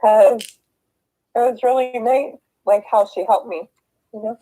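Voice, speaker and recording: A woman's voice: fairly high pitch, measured pace, dark tone, low-quality recording. A young woman chatting casually during a tarot reading game, hesitant and giggly with nervous rambling. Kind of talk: casual chat.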